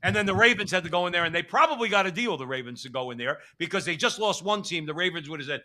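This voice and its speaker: A man's voice: high-pitched, expressive, very fast, hardly any pauses, bright, forceful tone. A man co-hosting a political commentary show, talking in a heated, belligerent rant. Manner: belligerent, ranting. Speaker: co-host.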